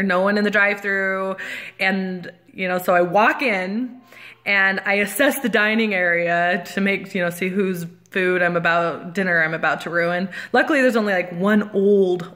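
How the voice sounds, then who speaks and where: A woman in her thirties telling a rant as a casual storytime, animated, laughing often and getting louder as she gets worked up. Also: medium pitch. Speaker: vlogger.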